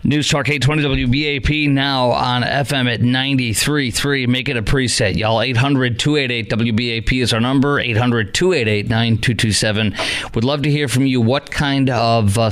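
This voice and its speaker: A man hosting call-in talk radio in a smooth, resonant voice. He talks in a chatty, animated way, wandering off into asides before getting back to the phone lines. His pitch sits in a middle range. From North Texas. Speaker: radio talk show host.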